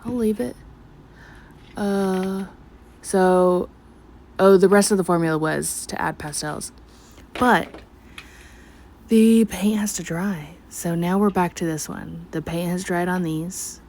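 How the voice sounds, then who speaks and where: A woman's voice: on the low side, steady tone, slow, darkish tone. A woman narrating her painting in a chatty, scattered late-night voiceover, talking to herself and slipping in and out of a country twang. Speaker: art vlogger. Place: at home at night.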